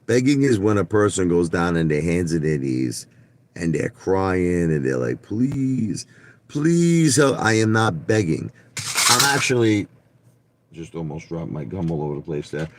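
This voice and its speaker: A man's voice: low voice, animated, normal speed, a little mellow, no room sound. A man hosting a live stream, talking bluntly to his viewers and often stumbling and repeating himself. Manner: blunt, repetitive, stumbles and restarts; talks straight to chat viewers by name. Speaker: livestream host. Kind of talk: ranting live stream talk.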